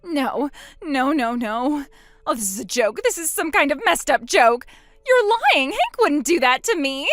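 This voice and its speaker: A woman's voice: high voice, animated, unhurried, dry recording, soft background music. A woman voicing a boastful, spiteful young woman who mocks her sister in a text-story drama. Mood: shocked. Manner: smug, mocking, gloating.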